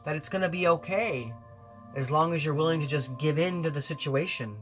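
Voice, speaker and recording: Male tarot reader, somewhat high voice, earnest and encouraging, repeats key phrases, faint music underneath. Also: quick pace, a bit bright. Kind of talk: weekly tarot reading to camera.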